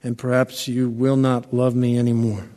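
An actor playing a coarse, plodding guard in a radio play, blunt and slow to follow. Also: male voice, mid-range voice, completely flat delivery, warm tone, close to an everyday voice. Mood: gruff. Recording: long hall reverb.

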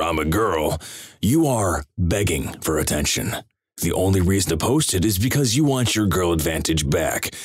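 Deep deadpan man reading online stories. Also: slightly rough, no echo, studio quality. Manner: deadpan, crude. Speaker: narrator. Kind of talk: reading internet stories aloud.

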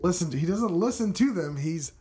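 A man's voice: high-pitched, expressive, fairly quick, mellow, slight background noise. A young man co-hosting a podcast, playful and teasing in casual chat. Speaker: podcast co-host.

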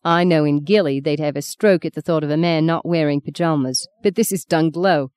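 A woman's voice: sits low, fairly quick, darkish tone, clean tone, natural voice. A woman reading a curt, impatient young husband. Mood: brusque. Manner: curt, brusque and commanding. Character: blunt young adult man, impatient husband.

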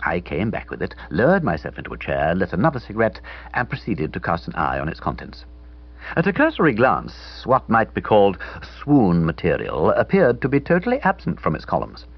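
A man's voice: deep voice, huge pitch swings, a little fast, husky, lo-fi sound. A man narrating a comic novel in the first person, in a wry, theatrical reading style. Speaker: audiobook narrator.

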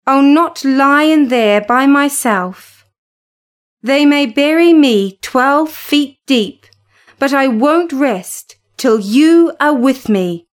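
Lady reading as a wild feverish young woman, high voice, drawn-out dramatic pleading, storybook style. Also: animated. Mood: eager, haunted. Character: feverish, wild young woman, bitter toward her husband.

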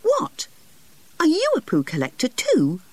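A narrator doing an eager, polite little boy, his voice lifted high and bouncing. The sound is dry and close. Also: huge pitch swings, fairly quick, darkish tone, breathy edge, no room sound, exaggerated voice. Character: eager, curious small boy.

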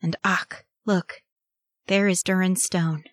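A grieving dwarf warrior , as a woman reads him, croaking out his words in a low, dry tone. Storybook reading recorded close. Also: flat delivery, slow, dry recording.

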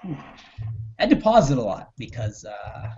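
A man co-hosting a casual movie review chat, animated and profane, quoting scenes in put-on voices. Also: mid-range voice, normal speed, dull audio, soft background music. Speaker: podcast co-host.

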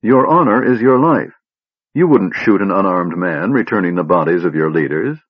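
A man voicing a cold, cruel male army officer with a harsh, blaring voice and sharp sarcasm. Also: low voice, animated, brisk, breathy edge, dull audio. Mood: sarcastic.

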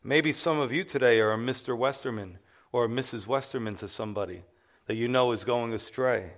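A middle-aged man, a pastor, preaching a sermon as an animated personal testimony that acts out the voices of the people in his story. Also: medium pitch, fairly quick.

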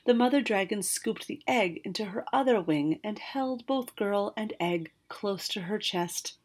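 Woman reading a storybook out loud, expressive, trips on a word here and there. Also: mid-range voice, unhurried, slightly rough. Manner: expressive with occasional slips and restarts. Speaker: narrator. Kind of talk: storybook narration read aloud.

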